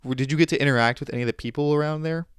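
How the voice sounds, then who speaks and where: A man's voice: fairly high pitch, rapid-fire, clean tone, no room sound, clean studio sound. A male podcast host, sardonic and profane, questioning his guest. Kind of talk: casual interview talk.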